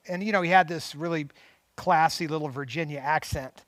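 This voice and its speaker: A man's voice: fairly high pitch, moderate pace, fairly bright tone, no room sound. A man hosting a show, reading a memoir aloud on a lapel mic with chatty asides and commentary. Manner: chatty asides, frequent restarts and laughs. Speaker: host.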